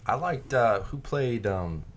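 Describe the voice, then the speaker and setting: A man's voice: medium pitch, lively intonation, takes it slowly, a little hiss or hum. A man co-hosting a casual podcast chat, hesitant and searching for words. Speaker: podcast co-host.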